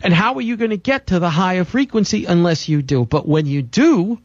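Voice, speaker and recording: A man's voice: high voice, lively intonation, fairly quick, no echo, lo-fi sound. A man hosting a health talk show, lecturing listeners in an emphatic, insistent way with a lot of repetition. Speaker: radio show host.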